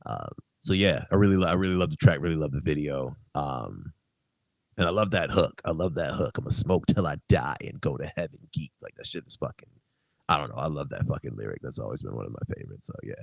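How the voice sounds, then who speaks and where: A man's voice: extremely low pitch, big pitch swings, fast talker, vocal fry, dry recording. A young adult man, a guest musician, telling stories in casual chat, laughing often and swearing freely.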